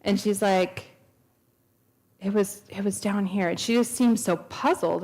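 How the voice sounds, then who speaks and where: A woman's voice: mid-range voice, steady tone, a little slow, darkish tone. A woman in her thirties telling a personal testimony at a church, earnest and storytelling, acting out the dialogue she quotes. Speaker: speaker at a church. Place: church sanctuary.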